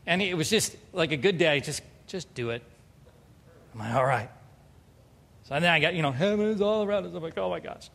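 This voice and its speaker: A man with a fairly high voice preaches a sermon, telling a personal story with humor and candor and acting out the dialogue. His words ring out in a church sanctuary with a long, lingering reverb. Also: fast talker, vocal fry, a bit bright. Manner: humorous, confessional, acts out dialogue. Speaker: pastor.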